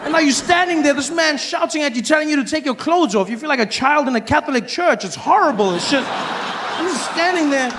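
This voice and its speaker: A man doing stand-up with a bright, fairly high voice and a loose, animated delivery. He jumps into loud, shouty impressions of the people in his story. Faint background noise sits under the recording. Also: a little fast, a crowd in the background. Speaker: stand-up comedian. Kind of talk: stand-up comedy routine.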